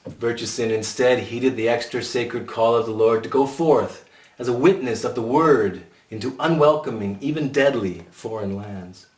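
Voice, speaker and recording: Wry man narrating a memoir, roomy sound. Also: mid-range voice. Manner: dry, wry storytelling. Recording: roomy sound from a distant mic.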